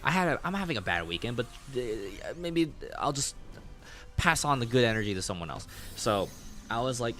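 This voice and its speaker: A man telling a story casually during a game stream. His voice sits at an ordinary pitch but swings up and down a lot as he laughs, swears and trails off into fillers. Faint music plays quietly behind him. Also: very animated, brisk. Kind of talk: casual storytelling while gaming.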